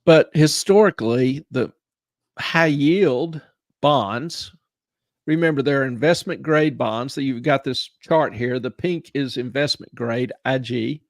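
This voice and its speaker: A male host with a gravelly edge to his voice talks through finance on a live stream, sounding dry and close to the mic. He teases his co-host with deadpan humour, then slows down to explain terms carefully. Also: mid-range voice, no echo. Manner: dry, teasing banter, then slow explaining.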